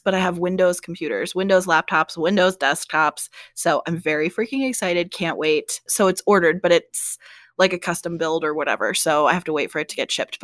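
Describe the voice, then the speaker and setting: A woman co-hosting a podcast in casual chat, enthusiastic and quick to laugh. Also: on the low side, fairly bright tone, no room sound, studio quality. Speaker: podcast co-host. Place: podcast studio.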